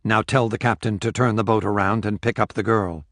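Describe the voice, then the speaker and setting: A man narrating an audiobook voices a ruthless male captor, giving loud, clipped commands across a boat deck. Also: lowish voice, steady tone, a little fast, dry recording, clean studio sound, natural voice. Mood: curt.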